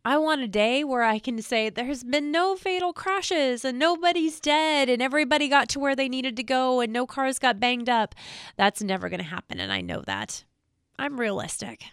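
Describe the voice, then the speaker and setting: A woman's voice: high-pitched, lively intonation, fairly bright tone, clean tone, no echo. Emotional woman speaking earnestly, dry sound. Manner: earnest, halting, repeating herself. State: emotional, near tears. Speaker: state trooper spokesperson. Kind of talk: emotional direct-to-camera talk.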